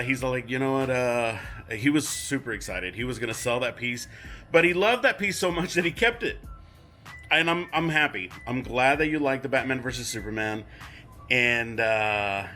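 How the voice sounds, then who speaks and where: A man casually showing and talking about his statue collection, rambling and retelling conversations with lively quoted voices. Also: mid-range voice. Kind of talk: casual unboxing vlog.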